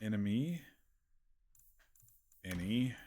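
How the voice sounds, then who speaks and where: A man's voice: lowish voice, lively intonation, very slow, warm tone, slight background noise. A man streaming a video game, giving casual gameplay commentary in a chatty, rambling recap full of self-corrections.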